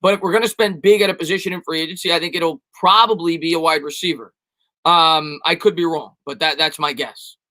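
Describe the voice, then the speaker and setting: A man's voice: fairly high pitch, fairly even intonation, brisk, bright, forceful tone. A man answering viewers' chat questions on a casual live stream, rambling and repeating himself as he gives emphatic opinions.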